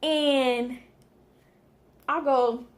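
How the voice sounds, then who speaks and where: A young woman casually telling a story to the camera, slangy and animated, acting out what people said. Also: high voice, extremely slow. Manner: animated, slangy, acts out quotes. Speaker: vlogger.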